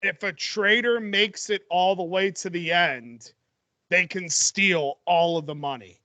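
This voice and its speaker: High, bright-voiced excitable young man. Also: unhurried, dry recording. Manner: excited, rambling storytelling with restarts. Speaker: podcast co-host. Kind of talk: casual chat.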